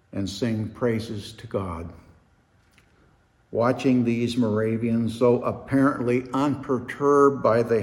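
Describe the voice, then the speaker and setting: A man preaching a sermon at an unhurried pace, with dramatic rises and falls in his delivery. His mid-pitched voice rings out in a hall with a long echo. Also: darkish tone. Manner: slow, dramatic storytelling with swells in volume.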